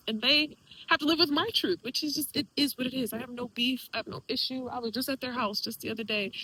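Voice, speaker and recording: A woman's voice: mid-range voice, bright, forceful tone, slightly rough, poor audio. A young woman vlogger candidly venting to camera about family hurt, emotional and close to tears, talking casually with many fillers and acting out what others said. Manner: emotional, tearful, sighing; casual, many fillers, acts out quoted people.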